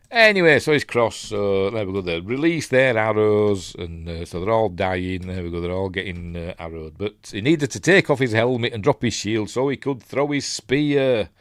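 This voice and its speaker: A man's voice: fairly low pitch, normal speed, few pauses, no room sound, studio quality. A man with a Yorkshire accent chatting casually through a film review, rambling with lots of fillers and restarts. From Yorkshire, England. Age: middle-aged. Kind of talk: casual live commentary on a film.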